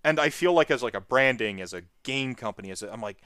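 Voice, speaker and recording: A man co-hosting a casual gaming chat, talking in an animated, rambling way full of restarts and fillers. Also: medium pitch, fast, smooth, dry recording, studio quality. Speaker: podcast co-host.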